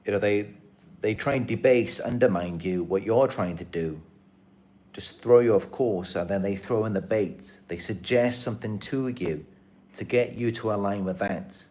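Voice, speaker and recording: Male channel host, low voice, earnest and aggrieved, loose rambling monologue to camera. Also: moderate pace, darkish tone. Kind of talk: casual live-stream monologue.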